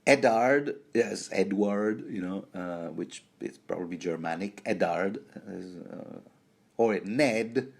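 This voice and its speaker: Slow-talking rambling commentary man. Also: low-pitched, creaky, a little mellow, breathy edge. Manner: rambling, jokey, stumbles and restarts. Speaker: book commentary host.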